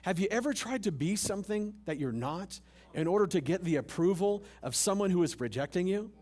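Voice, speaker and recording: A man preaching in a slightly high voice, swinging from punchy questions to dry asides. He talks like he is chatting with friends, tossing in jokes and everyday slang. He is delivering a church sermon to a live congregation. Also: animated, brisk, darkish tone. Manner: conversational, humorous preaching with rhetorical questions. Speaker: pastor. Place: church service.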